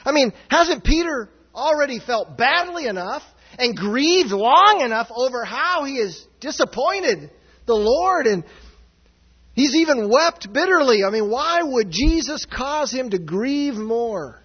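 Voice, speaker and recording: A man preaching a sermon as pastor, earnest and searching, swinging from raised, near-shouted passages down to low, quiet ones. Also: very animated, a little slow, breathy edge. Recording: dull sound with long hall reverb.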